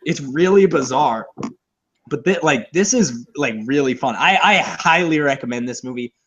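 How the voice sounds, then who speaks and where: A young man co-hosting a casual movie podcast, rambling, profane and excitable. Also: a little high, moderate pace. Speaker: podcast co-host.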